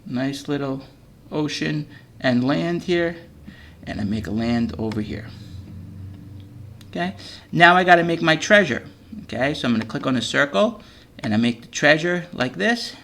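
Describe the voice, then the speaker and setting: A man with a slightly higher, gravelly voice walks young students through a coding project on screen. He explains each step patiently, often pausing to check in with his class. It sounds like a screen-recorded lesson on a computer mic. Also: lively intonation, fairly bright tone, a little hiss or hum. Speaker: teacher.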